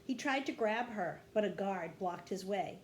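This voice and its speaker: A woman, a kindergarten teacher, reading a children's chapter book aloud with expressive storytelling. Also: unhurried. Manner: expressive storytelling, dropping low after quotes.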